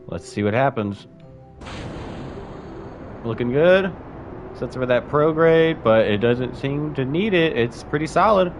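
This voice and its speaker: Rambling male game streamer, lively pitch. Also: measured pace, long pauses, muffled recording. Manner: rambling, playful, mumbles asides to chat. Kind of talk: casual live-stream commentary. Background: faint music.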